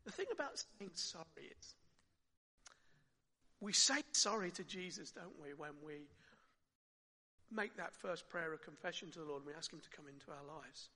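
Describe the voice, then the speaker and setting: High bright-voiced preacher in a reverberant hall. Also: male voice, lively intonation, normal speed, long pauses. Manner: conversational, with rhetorical questions and soft drops. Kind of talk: sermon.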